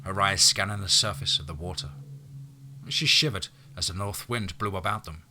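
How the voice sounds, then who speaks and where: A man narrates an audiobook in a steady, measured telling. His voice sits low yet rings very bright and forward. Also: a little hiss or hum.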